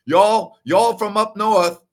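A man's voice: high voice, fairly even intonation, slow, voice pushed up. A man voicing an older Southern uncle with a strong drawl, scolding in an exasperated way.

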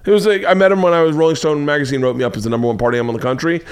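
An American man in his forties talks through his own comedy show in a loose, rambling monologue. He swears freely and tells stories with animated energy. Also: medium pitch, racing, clean tone. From United States. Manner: profane, rambling, animated storytelling. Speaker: comedian podcast host.

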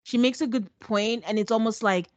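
A woman co-hosting a podcast, recapping a reality show in a sarcastic, animated, chatty way. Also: on the high side, moderate pace, no echo. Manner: sarcastic, animated storytelling with acted quotes. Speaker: podcast co-host. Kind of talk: casual recap chat.

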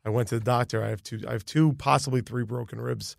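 Gravelly man telling a story. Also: medium pitch, steady tone, quick pace, no room sound. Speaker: guest comedian. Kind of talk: casual podcast storytelling.

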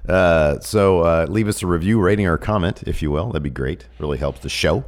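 A man's voice: sits low, a little fast. A man co-hosting a podcast while sick with a cold, chatting casually and teasing his partner. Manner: joking, teasing, rambling. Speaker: podcast co-host. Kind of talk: casual chat.

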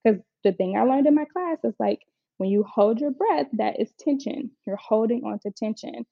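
A woman's voice: on the high side, normal speed, gravelly, no echo. Chatty young woman, dull dry recording. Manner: chatty, frank, quotes people in lively voices. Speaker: mother telling her birth story. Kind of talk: casual personal storytelling.

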